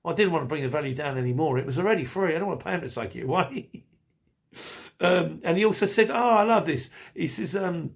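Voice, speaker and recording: A man's voice: a little high, lively intonation, fast, creaky. A middle-aged man hosting a podcast, chatting casually and rambling while he reads out listener messages, laughing often. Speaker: podcast host.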